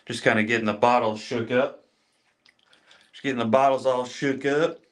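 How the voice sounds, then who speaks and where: A man's voice: mid-range voice, fairly even intonation, normal speed, a bit bright. Chatty man hosting a beard-care livestream. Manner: chatty, greets viewers by name, repeats phrases. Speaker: livestream host. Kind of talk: casual livestream demo.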